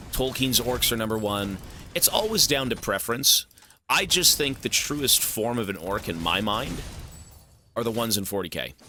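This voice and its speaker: A man's voice: medium pitch, pushed and bright, slight background noise. A man streaming a game, chatting casually and rambling through strong opinions, swearing as he goes. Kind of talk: casual chat while gaming.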